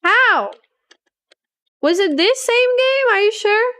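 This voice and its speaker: High-voiced chatty woman streamer. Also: animated, slow, pushed and bright. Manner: chatty, giggly, reads aloud to chat. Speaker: livestreamer. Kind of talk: casual gaming stream chat.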